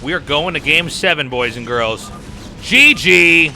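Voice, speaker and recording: A man's voice: mid-range voice, normal speed, bright, forceful tone, faint music behind. A man hosting a game stream, casting a match and chatting casually with viewers. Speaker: caster and stream host.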